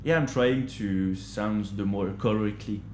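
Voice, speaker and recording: Man with a French accent, hesitant, searching for words, low voice, slow pace, echoey room. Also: darkish tone, slight background noise. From France. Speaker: guest. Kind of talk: casual conversation. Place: upstairs kitchen of a hostel.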